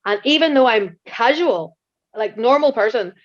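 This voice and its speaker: A woman with a Northern Irish accent hosting a casual interview, chatty and quick with her "yeahs". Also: a little high, animated, dull audio. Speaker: podcast host.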